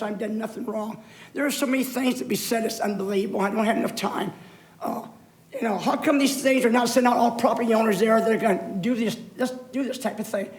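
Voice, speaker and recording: Older man, public commenter, emotional and rambling, pleading; roomy chamber sound. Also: extremely high pitch. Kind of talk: public comment at a city meeting. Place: city council chamber.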